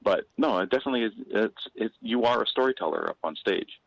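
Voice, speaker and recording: A comedian guest, a man, spins a casual anecdote in a low voice. He circles back, restarts phrases and fills pauses as he goes. The sound is dry, with no room echo. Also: lively intonation, gravelly. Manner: rambling with frequent restarts and fillers.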